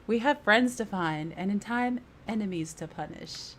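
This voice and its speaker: A woman's voice: medium pitch, normal speed, close to an everyday voice. A woman voicing a stern adult woman adventurer in a put-on British accent, reading game dialogue in a formal, declamatory way. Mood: resolute.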